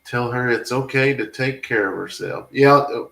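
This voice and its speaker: A man's voice: mid-range voice, normal speed, gravelly, fairly bright tone, reverberant, poor audio. A man, a family farm vlogger, rambling and emotional as he talks back to viewer comments in a casual live stream.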